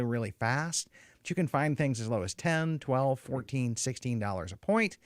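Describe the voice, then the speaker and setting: A man hosting a podcast, reading an ad and steering the chat in a brisk, organized way. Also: medium pitch, no room sound, clean studio sound. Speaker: podcast host. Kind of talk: casual podcast chat and ad read.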